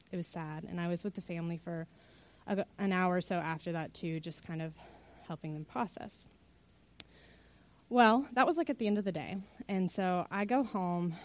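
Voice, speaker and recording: Earnest woman chaplain preaching. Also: fairly low pitch. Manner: earnest, emotional storytelling with many fillers. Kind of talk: sermon with personal story.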